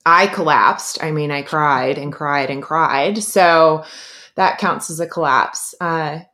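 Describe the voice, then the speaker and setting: A female podcast co-host speaks slowly and easily in casual conversation. Her voice is on the low side for a woman. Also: bright, forceful tone. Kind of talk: casual chat.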